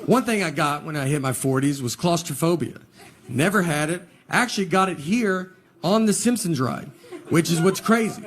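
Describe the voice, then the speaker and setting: A man in his forties performing a stand-up comedy set, telling stories in a dry, deadpan, self-mocking way on stage. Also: fairly high pitch, moderate pace. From Southern US. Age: 40s. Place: stage before a live laughing audience.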